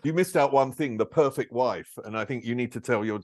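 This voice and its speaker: A male host asks long, meandering questions in an easy, chatty way and adds light laughs. His voice sits at a mid pitch. The recording is dry and close, with no room sound. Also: brisk, darkish tone, no room sound. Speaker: interviewer, host. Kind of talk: casual interview questions.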